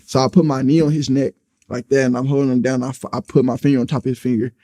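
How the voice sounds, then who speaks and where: A man with a New York accent, a guest in an interview, tells a story in a relaxed, casual way. His voice is dark and mellow, and he jumps into each person's words as he retells it. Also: medium pitch, fast talker. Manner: vivid retelling, acting out dialogue.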